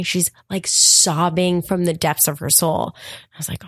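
A woman guest on a comedy podcast, telling a story in a casual, animated way, acting out quotes and laughing often. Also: lowish voice, unhurried, no room sound.

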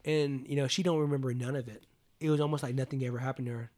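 A man's voice: medium pitch, steady tone, very fast, a little mellow. A man in his late twenties telling a personal story in a casual, rambling way, leaning on "like" and swearing freely. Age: 20s.

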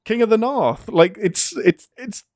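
A man talks with an animated, wide-ranging voice that sits slightly high for a man. He laughs easily and presses his points with emphasis. The sound is close and dry, with no room around it. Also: a little slow, dry recording. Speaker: podcast co-host, video writer. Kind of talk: casual chat.

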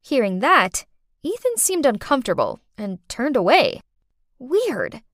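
A woman narrating a first-person story for a podcast in an expressive, dramatic way. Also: sits high, a little slow, no room sound, studio quality.

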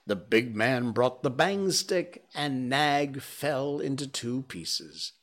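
A man reading a classic story aloud with slow, expressive storybook narration. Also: mid-range voice.

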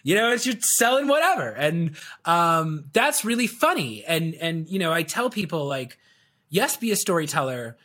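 A high-pitched man gives lively, casual interview talk. He rambles animatedly and leans on plenty of fillers. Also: normal speed. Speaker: guest, video coach.

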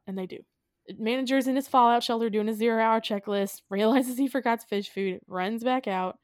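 A woman's voice: on the high side, a little fast, dry recording, studio quality. A woman co-hosting a casual podcast, retelling a movie's plot with playful acted-out quotes. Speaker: podcast co-host. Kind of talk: casual film recap chat.

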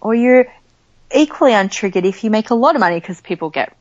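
Animated woman telling stories, dull dry sound. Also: mid-range voice, quick pace, no echo. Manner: animated storyteller, acts out quoted voices. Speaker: money coach, podcast guest. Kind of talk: casual chat.

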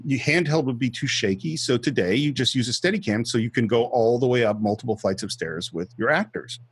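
A man's voice: mid-range voice, a little fast, breathy edge. A man co-hosting a film podcast, casually retelling scenes step by step and acting out quotes. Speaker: podcast co-host. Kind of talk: casual film-discussion chat.

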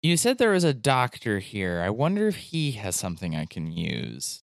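A woman playing a tabletop game, making wry, deadpan quips. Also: a bass voice, normal speed, creaky, dry recording, studio quality. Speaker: player.

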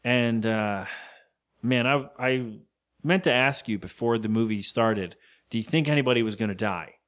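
A man chatting casually on a podcast, recapping a movie scene by scene. His voice sits at an ordinary middle pitch, and he drops in quick quoted lines and the odd swear word. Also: a bit bright. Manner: loose and profane, retells scenes with quoted lines. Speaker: podcast co-host.

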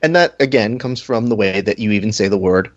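A man's voice: on the low side, lively intonation, fairly quick, muffled recording. A man co-hosting a podcast in a playful, teasing and theatrical way. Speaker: podcast co-host. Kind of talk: casual chat.

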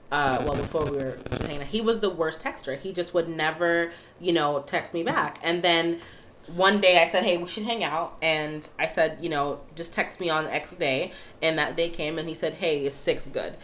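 A woman with a fairly low voice co-hosts a casual podcast. She talks frankly and gives practical advice, with faint noise in the background. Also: normal speed, a bit bright, poor audio. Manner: frank, conversational, advice-giving. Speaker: podcast co-host.

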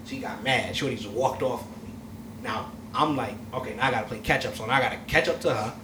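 A man hosting a casual chat, telling a long story in a loud, profane, laughing way. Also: medium pitch, expressive, brisk. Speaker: host. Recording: echoey room, mic far off, faint noise.

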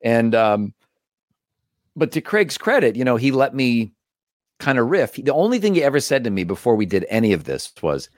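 A man, a voice actor and comedian, telling stories as an interview guest in an animated way, acting out the voices of others. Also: mid-range voice, normal speed, dry recording, studio quality. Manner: animated, acts out quoted voices. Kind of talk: storytelling interview.

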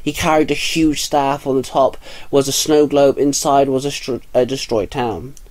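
A man narrating a fan story in a steady, even way. His voice sits at an ordinary middle pitch. The reading is plain and unhurried.

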